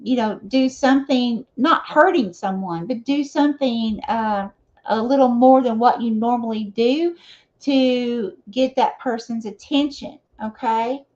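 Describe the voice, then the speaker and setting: High-voiced woman giving a tarot reading. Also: unhurried, a little mellow. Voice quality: conversational, frequent "okay?" and "you know" fillers. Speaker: tarot reader. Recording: dull lo-fi sound.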